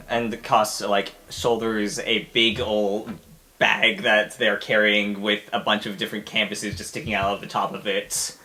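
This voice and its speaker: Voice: medium pitch, little pitch movement, unhurried, sharp tone. A player in a tabletop role-play game, describing their character in a casual, chatty way. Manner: casual, chatty, uses many fillers.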